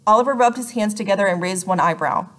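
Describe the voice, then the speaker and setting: A woman narrating a children's novel as an audiobook, in a clear, gently expressive way. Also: medium pitch, fast talker. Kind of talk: scripted narration.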